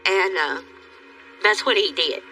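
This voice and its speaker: An older woman retelling a crime in an interview, halting and emotional. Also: mid-range voice, pushed and bright, soft background music. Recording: voice from far off the mic.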